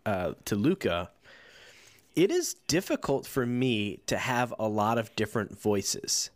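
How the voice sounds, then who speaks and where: A man's voice: on the low side, sing-song, a little slow, no echo. Easygoing man, rambling comic co-host. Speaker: podcast co-host. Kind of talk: comedic podcast banter.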